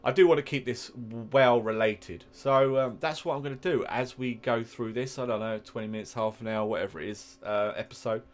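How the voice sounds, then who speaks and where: English man, gaming YouTuber, casual gameplay commentary, rambling, chatty, mid-pitched voice. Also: moderate pace, few pauses. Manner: rambling, chatty, drifting asides.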